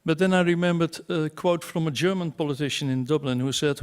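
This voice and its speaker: A man's voice: fairly high pitch, brisk, few pauses, smooth. A man giving a conference talk to an audience in a wry, self-mocking way, with asides and rhetorical questions. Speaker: conference speaker. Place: conference hall.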